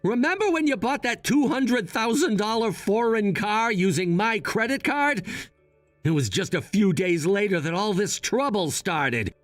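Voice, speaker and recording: A man acts out a firm young adult son who lays out his case coolly. His voice is high for a man and swings up and down a lot. It sounds dry and close, with faint music behind. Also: lively intonation, measured pace, no echo. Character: cold, unbending adult son. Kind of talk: scripted drama voice-over.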